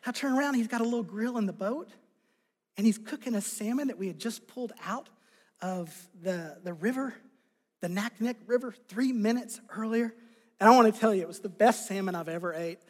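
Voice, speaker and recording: High-voiced preaching man in reverberant hall. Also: fairly quick. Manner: dramatic preaching, voicing scripture quotes with rising intensity. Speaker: pastor. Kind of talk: sermon.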